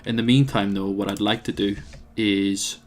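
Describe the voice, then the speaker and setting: A man's voice: lowish voice, little pitch movement, normal speed, slight background noise. A man commentating his own strategy game, thinking aloud with plenty of hesitations and wry asides. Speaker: let's play host.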